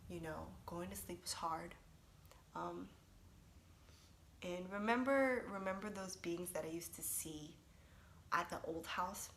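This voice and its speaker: A young woman telling her personal religious testimony in a casual, emotional way, halting with restarts and often dropping to a breathy whisper. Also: lowish voice, fairly bright tone, slight background noise. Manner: drops to breathy whispers at intense moments. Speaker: vlogger sharing a personal testimony.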